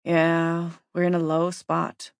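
Sly old shape-shifter guy, easygoing and offhand, a woman reading him, low-ish voice, dry sound. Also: completely flat delivery, slow pace, no echo.

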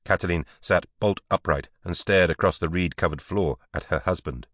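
Very deep male audiobook narrator. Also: moderate pace, a bit bright, no room sound, clean studio sound. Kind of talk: scripted narration.

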